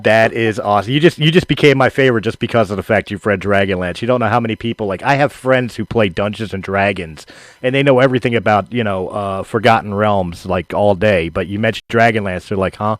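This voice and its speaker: Male podcast host, low voice, dry close sound, excitable, laughs a lot. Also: fast, no echo. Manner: enthusiastic, laughs often. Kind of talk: casual interview chat.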